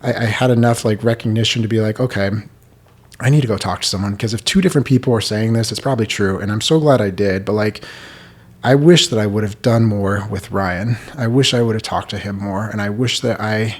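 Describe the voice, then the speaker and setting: A man's voice: lowish voice, fairly quick. A man in his thirties, a podcast host, candidly telling a personal story in an earnest, rambling way full of "like". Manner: earnest, rambling, heavy use of "like".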